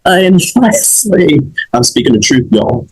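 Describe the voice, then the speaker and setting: A young man with a slightly high voice hosts a comedic advice show. He talks in an emphatic, preachy way and keeps checking in with his listeners. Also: very animated, measured pace, slightly rough, poor audio.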